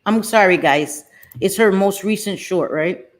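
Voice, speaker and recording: A woman's voice: medium pitch, a little slow. A middle-aged woman hosting a casual livestream from her home, talking to viewers by name and cursing freely. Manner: chatty, swears freely, talks to viewers by name. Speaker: livestream host.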